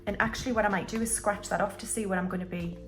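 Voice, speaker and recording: A woman's voice: mid-range voice, steady tone, rapid-fire, fairly bright tone, soft background music. Chatty woman counting cash. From United Kingdom. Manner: chatty, counts money aloud, talks to viewers as guys. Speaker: budgeting vlogger. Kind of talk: casual chat while counting cash.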